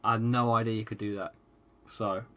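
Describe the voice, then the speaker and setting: Excitable football streamer, forceful. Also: male voice, on the low side, brisk. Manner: excitable, swears freely, rants at the match; reads out viewers' chat messages. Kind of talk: live-stream football watchalong chat.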